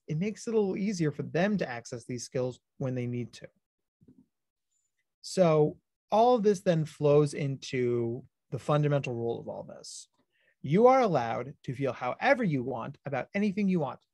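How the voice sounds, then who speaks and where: High-energy man giving a psychology talk. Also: dry recording, studio quality. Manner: high-energy, animated storytelling; explains plainly, then illustrates with stories. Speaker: clinical psychologist presenter. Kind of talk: livestreamed talk to parents.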